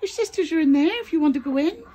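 Woman, high lively baby-talk voice for farm birds, noisy outdoor pen. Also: fast talker. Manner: cooing, sing-song pet talk. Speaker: farm keeper talking to her poultry. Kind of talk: casual vlog, baby talk to animals. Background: birds clucking and gobbling.

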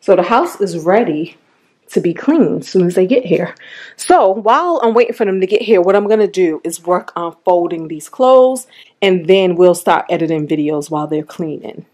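A vlogger in her thirties walks from room to room inside her home, filming a casual vlog and speaking straight to her viewers, whom she calls "y'all." Her voice is fairly low, expressive and mellow, at a moderate pace.

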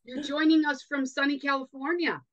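A woman's voice: sits high, fairly even intonation, normal speed, a bit bright, lo-fi sound. A woman with a Wisconsin accent hosting a podcast, chatty and upbeat, with many fillers. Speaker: podcast host. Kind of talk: casual podcast intro.

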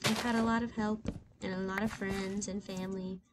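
A woman's voice: medium pitch, moderate pace. A woman in her twenties chatting casually while playing a video game, rambling with lots of fillers. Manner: soft and reflective; excited, loud outbursts. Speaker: gaming channel host. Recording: clear keyboard and mouse noise.

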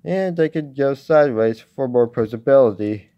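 A man casually reviewing a toy at home, talking in a halting way with many restarts. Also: medium pitch, animated, dull audio. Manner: halting, with frequent restarts and fillers.

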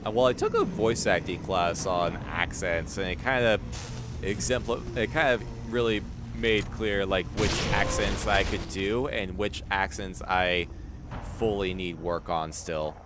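Low-voiced, unhurried male streamer. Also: music in the background. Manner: rambling, chuckles often, reads chat aloud. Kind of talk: casual gaming livestream chat.

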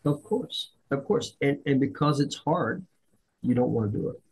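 A middle-aged man hosting a podcast, telling a story in a lively way, acting out the dialogue and poking fun at himself. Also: mid-range voice, moderate pace, slightly rough, rough recording. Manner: animated, acts out dialogue, self-deprecating. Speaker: podcast host. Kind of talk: conversational storytelling.

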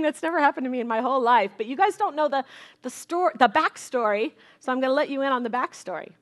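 A middle-aged woman pastor preaching a sermon, telling a family testimony in a lively storytelling way with many repeats and restarts. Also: high voice, quick pace.

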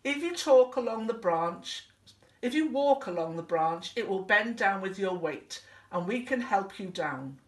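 A woman reading a picture book aloud, voicing a cheerful, kindly male elephant in a friendly, gently teasing voice. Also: mid-range voice, expressive, unhurried, recorded from a distance, natural voice. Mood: gentle.

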